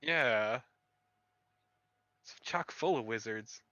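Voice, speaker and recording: A man's voice: medium pitch, slow pace, sharp tone, muffled recording, a little hiss or hum. A man playing his character in a tabletop game, joking crudely and laughing easily. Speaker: player. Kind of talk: casual in-character tabletop chat.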